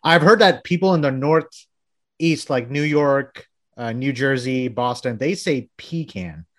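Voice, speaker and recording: Texan male host, chatty, quick laughs, casual interview read. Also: medium pitch, fairly even intonation, no room sound, studio quality. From Texas. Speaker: podcast host. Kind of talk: casual interview, lightning-round questions.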